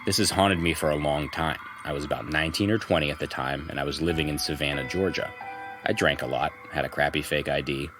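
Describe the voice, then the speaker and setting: A man co-hosting a podcast, reading a first-person ghost story aloud in a conversational storytelling manner with dramatic pauses. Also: rumbling low, fairly even intonation, music in the background. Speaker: podcast co-host.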